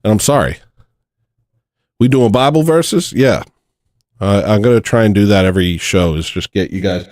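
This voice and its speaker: A man with a lowish voice hosts a loose, rambling livestream. He talks casually and runs himself down a bit, reading out chat messages and verses as they come in. The recording is dry and close, with no room sound. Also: lively intonation, moderate pace, long pauses, a little mellow, dry recording. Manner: rambling, self-deprecating, reads chat messages and verses aloud. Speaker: livestream host.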